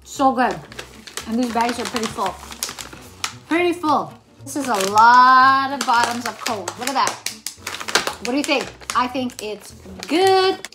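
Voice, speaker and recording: Bubbly high-voiced woman vlogger. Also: a little slow, long pauses, over music. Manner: excited and bubbly. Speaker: vlogger host. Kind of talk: casual snack-tasting vlog.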